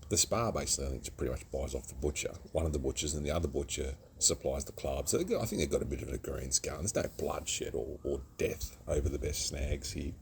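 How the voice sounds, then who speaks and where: A man's voice: rumbling low, fast talker, gravelly, few pauses, darkish tone, a little hiss or hum. An Australian man reviewing a craft beer outdoors at home, chatty and self-mocking, rambling from one topic to the next. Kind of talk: casual rambling vlog.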